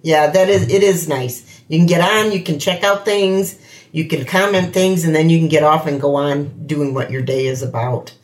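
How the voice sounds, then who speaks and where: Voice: medium pitch, steady tone, moderate pace. A host chatting in an easygoing, conversational way during an interview. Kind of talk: casual interview chat.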